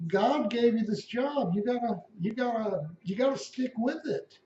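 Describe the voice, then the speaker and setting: A man voicing a group of shocked male cardinals, protesting in a high, urgent voice. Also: a little slow, dark tone, slight background noise. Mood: outraged. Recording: echoey room, dull lo-fi sound.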